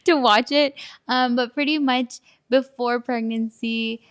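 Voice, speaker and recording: A woman's voice: on the high side, measured pace. A young woman co-hosting a casual podcast conversation, chatty and giggly, with frequent ums. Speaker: podcast co-host.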